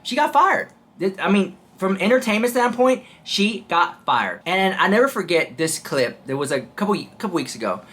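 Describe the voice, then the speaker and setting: Bright, lively gossip commentary voice. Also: medium pitch, fairly quick, few pauses. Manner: chatty, keeps addressing viewers as "girl". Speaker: drama commentary host.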